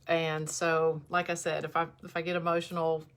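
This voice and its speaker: A woman in her forties talking candidly to viewers on a livestream, emotional and close to tears, halting and restarting. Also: low-pitched, level tone. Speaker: host. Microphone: camera in front of her.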